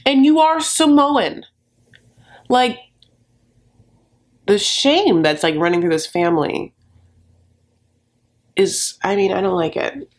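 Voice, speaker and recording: A woman's voice: on the low side, animated, takes it slowly, long pauses. A woman dishes on a reality show in a sassy, campy way and calls her viewers "honey" all the time. She slips into little put-on voices to act out what people said. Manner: acts out quotes in put-on voices. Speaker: reality TV recap commentator. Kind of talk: casual commentary.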